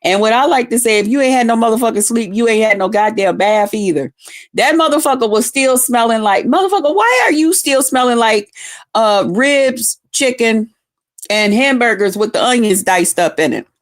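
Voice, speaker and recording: A woman's voice: on the high side, expressive, moderate pace. A woman livestreamer chatting casually with her viewers, telling rowdy stories full of cursing and greeting people by name. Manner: profane, rowdy storytelling with heavy cursing; talks straight to viewers, greeting them by name. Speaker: livestreamer talking to her chat. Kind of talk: casual live chat.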